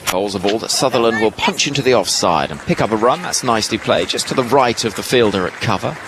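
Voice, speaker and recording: A man giving ball-by-ball cricket commentary from a ground's commentary box, lively and rising with each delivery. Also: lowish voice, quick pace. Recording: broadcast with loud ground noise behind.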